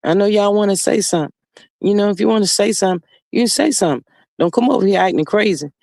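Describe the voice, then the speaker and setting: High-voiced sassy man live-streaming. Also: creaky, darkish tone, no echo. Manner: sassy, drawn-out, calls viewers honey and child. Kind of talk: casual live-stream chat, reading comments aloud. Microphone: phone.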